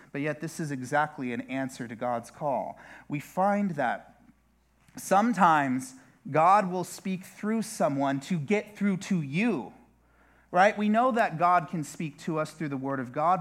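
Conversational pastor with a higher voice. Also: male voice, lively intonation, a little slow. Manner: conversational, with restarts and asides. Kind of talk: sermon.

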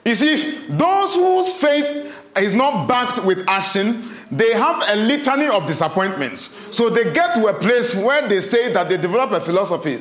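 A man preaching a sermon as pastor, emphatic and repeating his questions in a lively cadence, recorded in a church hall. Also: sits high, moderate pace, hardly any pauses. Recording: roomy hall echo.

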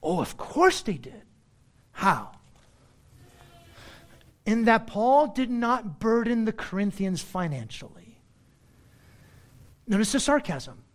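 In this expository sermon, a man speaks slowly from the pulpit with big pitch swings and long pauses, pressing home each point. Like a pastor working through scripture verse by verse, he shifts from loud emphasis to sudden soft remarks.

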